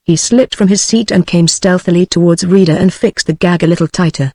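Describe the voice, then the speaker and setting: A text-to-speech woman's voice with a British English accent, reading a novel aloud in an even, measured way. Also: on the low side, no echo. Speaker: audiobook narrator. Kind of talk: scripted narration.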